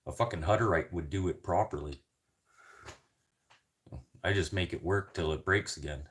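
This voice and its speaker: A man's voice: sits low, normal speed, a bit bright, slight background noise. A man from the Canadian prairies chatting casually in a rambling, joking way, swearing constantly. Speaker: vlogger.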